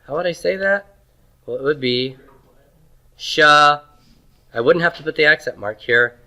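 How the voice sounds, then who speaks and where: A man with a bright, forceful voice teaching a Hebrew grammar class. He asks the room questions and then answers them himself. His voice sits a little high for a man. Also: muffled recording. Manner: sounds out Hebrew syllables slowly. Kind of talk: classroom lecture.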